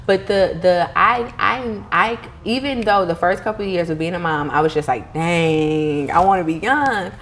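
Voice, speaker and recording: A woman in her thirties, a podcast guest, telling stories in an animated way, with frequent restarts and laughter. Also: mid-range voice, moderate pace, few pauses, a little hiss or hum. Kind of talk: casual interview conversation.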